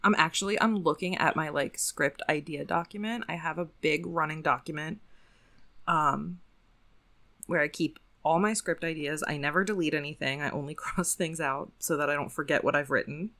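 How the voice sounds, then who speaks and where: Low-voiced woman chatting casually. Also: normal speed. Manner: relaxed, filler-heavy, laughs often. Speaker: script writer. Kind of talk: casual podcast chat.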